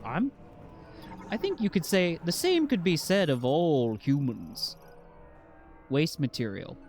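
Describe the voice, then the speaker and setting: A man casually commentating his game playthrough, jokey and excitable, reading item scans aloud. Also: a little high, slow, long pauses, soft background music. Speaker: game streamer. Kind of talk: casual let's-play commentary.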